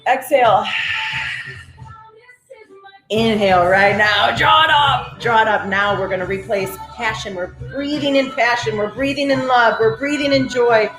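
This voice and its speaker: A middle-aged woman leading a live-streamed breathing and affirmation session, energetic and encouraging, calling out viewers by name. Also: on the high side. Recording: roomy echo with faint music.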